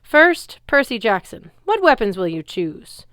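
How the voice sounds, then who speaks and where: A booming giant who gloats over his arena, as a woman reads him aloud. He bellows each line, pitched up and pushed loud with a smooth, clear tone. The sound is close and dry. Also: big pitch swings, measured pace, no echo. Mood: gloating. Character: huge boastful giant man, lord of an arena.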